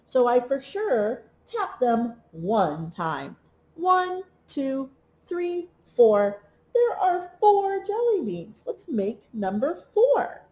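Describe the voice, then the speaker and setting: Woman, preschool teacher for a remote lesson; slow, lilting, encouraging delivery. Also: fairly high pitch, huge pitch swings, dark tone. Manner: slow, encouraging, sing-song counting and rhymes. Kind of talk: remote read-along lesson for young children.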